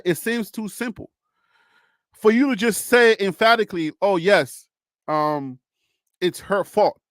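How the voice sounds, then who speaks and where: A man's voice: sits high, a bit bright, no room sound, studio quality. A man hosting casual political talk, chatty, often laughing and repeating phrases as he thinks aloud. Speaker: political commentary host.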